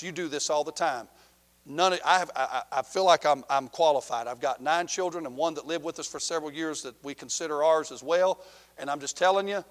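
A middle-aged man preaching a sermon, telling a story with passion, rising loud and then dropping low. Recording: long hall reverb.

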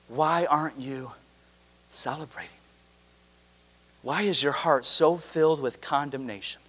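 Man speaking as Jesus, low soft voice, hushed, pleading, grieved. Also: slightly rough. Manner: hushed, near-whispered pleading.

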